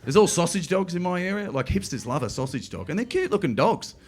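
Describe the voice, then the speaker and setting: A middle-aged man with an Australian accent doing a stand-up comedy routine, telling stories quickly and slipping into playful voices. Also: high voice. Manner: animated, quick storytelling with playful put-on voices. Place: comedy club stage.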